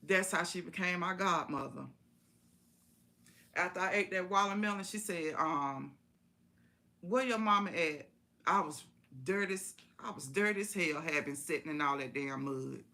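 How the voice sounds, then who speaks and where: A woman's voice: deep voice, moderate pace, sharp tone. A woman telling a personal story in a casual, folksy way on a live stream, repeating phrases for emphasis.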